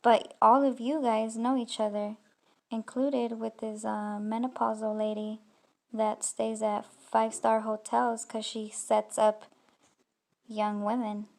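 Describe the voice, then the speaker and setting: A woman's voice: a little high, level tone, slow pace, creaky, darkish tone. A woman commenting on clips in a reaction video, talking in an accusatory, rambling and scornful way. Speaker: YouTube commentator.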